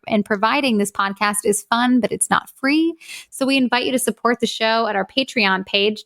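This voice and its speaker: A woman co-hosting a movie podcast in casual chat, reading the show's plugs briskly. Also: mid-range voice, gravelly, fairly bright tone. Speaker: podcast co-host. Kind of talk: casual chat and show outro.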